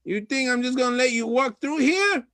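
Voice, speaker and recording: A man voicing a rowdy street thug who guards a stairway, in a shrill, shouting voice, for an improvised comedy bit. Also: animated, moderate pace, no room sound, studio quality, full character voice. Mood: menacing. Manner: shrill, shouty, calls everyone mate. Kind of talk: improvised comedy role-play.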